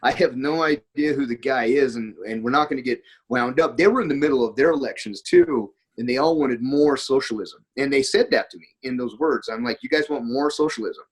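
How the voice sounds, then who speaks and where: A husky-voiced man talks casually as a podcast guest. He spins long, rambling anecdotes at a mid pitch, with a breathy edge to his tone. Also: a little fast, hardly any pauses, poor audio. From United States. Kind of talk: casual conversation.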